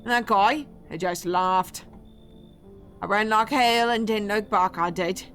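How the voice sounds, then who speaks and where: A woman voicing a weary male grave digger in a rough, folksy put-on British-sounding drawl, in a video game. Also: medium pitch, measured pace, fairly bright tone, soft background music. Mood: spooked. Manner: rough folksy drawl, stumbling over words.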